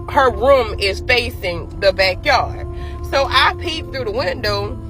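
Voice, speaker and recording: A woman telling her own story in a casual, animated way, speaking straight to her viewers. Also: fairly high pitch.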